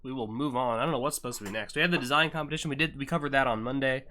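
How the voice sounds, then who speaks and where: A man's voice: mid-range voice, very fast, bright, forceful tone. A young adult man hosting a live stream, commentating an event in a casual style and bantering jokingly with chat. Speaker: livestream host and event commentator.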